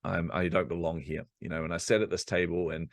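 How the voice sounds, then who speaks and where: A man's voice: sits low, brisk, no echo. A man, a coach and speaker, telling personal stories as a podcast guest and acting out his own inner voice as he goes. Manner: lively storyteller who acts out his own inner voice. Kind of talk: storytelling in a podcast interview.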